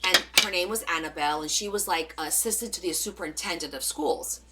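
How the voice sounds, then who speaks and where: A middle-aged woman with a New Jersey accent hosts a crafting live stream, casually telling stories and animatedly acting out the voices, with many fillers. Her voice is fairly low and brisk, and the audio is very noisy.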